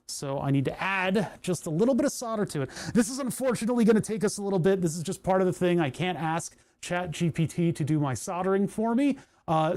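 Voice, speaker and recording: A young man, talking casually on a live stream while soldering. His voice sits a bit higher than most men's, and he rambles and doubles back, talking to his chat as he works. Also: a little mellow. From United States. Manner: rambling and chatty, with restarts and asides to chat.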